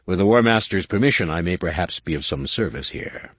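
A man voicing a sly alien male executor who speaks smoothly and ingratiatingly. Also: deep voice, lively intonation, a little fast, dry recording, studio quality.

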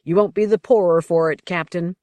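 Smirking boastful young lord, a woman reading, low-pitched, close and dry. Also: steady tone, a little fast, darkish tone, no echo, lightly acted. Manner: bland, vicious, cajoling.

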